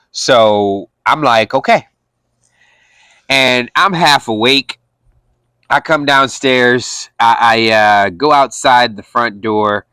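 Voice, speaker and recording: Man, mid-pitched voice, casual rambling storytelling, repeats himself, dry close sound. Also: bright, forceful tone, no echo. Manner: rambling, repeats and restarts phrases. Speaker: dog kennel owner.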